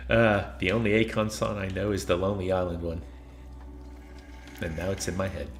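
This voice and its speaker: A man's voice: sits low, flat delivery, a little fast, roomy sound. A man streaming a video game, casually chatting with viewers and laughing at himself. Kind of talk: casual gameplay commentary.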